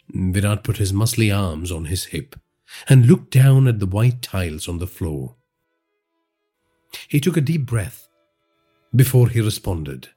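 A man with an Indian English accent narrates crime fiction in a measured, dramatic way. His voice is low, dark and husky, with a lively rise and fall. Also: soft background music. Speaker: podcast storyteller.

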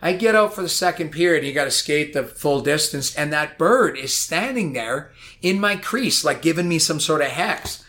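A man telling a long anecdote in a casual chat, animated and rambling, full of "like". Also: on the high side, normal speed. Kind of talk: casual storytelling.

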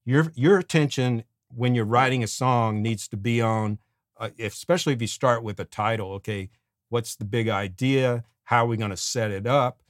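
A middle-aged man talks shop about songwriting in a loose, animated way. He breaks into hummed melody lines and plays out little scenes. His voice sits at a medium pitch and is recorded dry and close, with almost no room sound. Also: normal speed, no room sound. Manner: animated, sings melody fragments, acts out quotes. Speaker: podcast co-host and songwriting teacher. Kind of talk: casual conversational advice.

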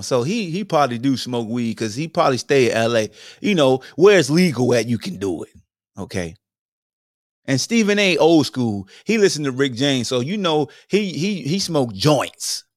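A man hosting a podcast, delivering a joking commentary monologue in slang, swinging between high exclamations and low mutters. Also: sing-song, moderate pace, dry recording, clean studio sound. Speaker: podcast host. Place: home streaming setup.

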